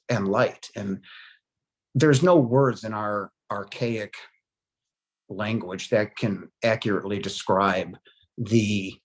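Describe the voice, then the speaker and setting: Middle-aged man, lowish voice, halting emotional storytelling, lots of fillers. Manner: halting, many fillers and trailing-off phrases. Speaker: guest telling his near-death experience.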